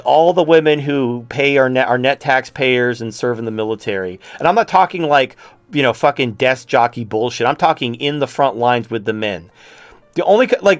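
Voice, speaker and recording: A man's voice: medium pitch, no echo. A male talk-show host ranting in a profane, sarcastic way.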